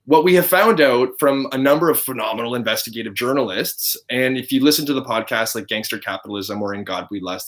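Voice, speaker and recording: A man in his thirties telling a story in casual chat as a podcast host, animated and laughing often. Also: medium pitch.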